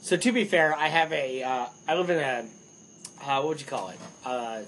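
Young male podcast co-host, slightly higher voice, lively candid storyteller, faint hiss behind. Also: moderate pace, rough recording. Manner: animated storyteller, swears freely. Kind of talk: casual chat.

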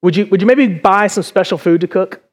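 A man's voice: high voice, a little fast. A middle-aged male pastor preaching a conversational sermon in a church, full of rhetorical questions.

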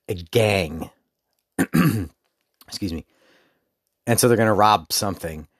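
A man's voice: sits low, no echo, clean studio sound. A man hosting his own podcast, talking candidly and informally in a casual solo monologue. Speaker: podcast host.

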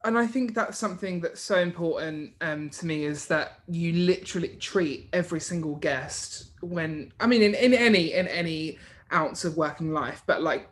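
Enthusiastic podcast host, fairly high male voice. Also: normal speed, hardly any pauses, a bit bright. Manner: enthusiastic, lots of fillers like "like". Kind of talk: casual interview chat.

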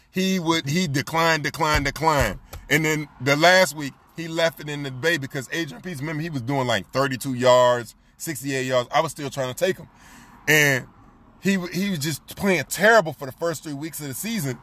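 A man telling a story in casual chat, animated and profane, laughing often and repeating lines for emphasis. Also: fairly high pitch, normal speed.

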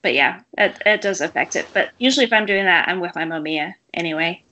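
Bright-voiced woman chatting frankly. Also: lowish voice, fast talker. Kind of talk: casual chat.

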